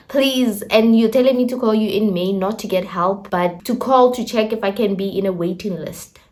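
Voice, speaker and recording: A young woman, casually telling a faith testimony as a vlogger, expressive and slangy, acting out her own quotes. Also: mid-range voice, moderate pace.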